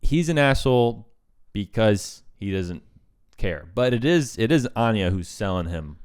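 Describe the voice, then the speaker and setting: A man's voice: on the low side, expressive, a little slow, darkish tone, clean tone, dry recording, studio quality. A man co-hosting a casual film review podcast, laid-back and swearing freely, with plenty of fillers. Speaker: podcast co-host.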